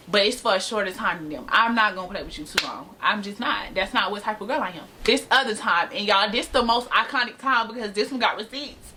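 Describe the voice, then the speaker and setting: A young woman telling a casual, animated storytime to camera, slangy and laughing often. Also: a little high. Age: young adult. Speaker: storytime vlogger. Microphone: camera mic.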